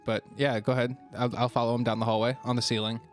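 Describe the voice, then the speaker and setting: Male player, mid-pitched, halting and repetitive, faint music underneath. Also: flat delivery. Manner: thinks aloud, repeats himself, laughs often. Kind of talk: casual tabletop play.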